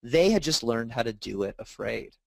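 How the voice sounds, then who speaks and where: Animated man telling stories in a dry recording. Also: medium pitch, normal speed, gravelly, no room sound. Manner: animated storytelling, acts out quoted dialogue. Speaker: author and speaker, guest. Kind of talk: casual interview conversation.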